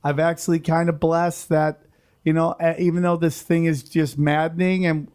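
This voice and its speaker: A man's voice: fairly high pitch, little pitch movement, moderate pace, a little mellow, smooth. A man, a comedian guest in casual chat, laid-back and searching for words as he talks.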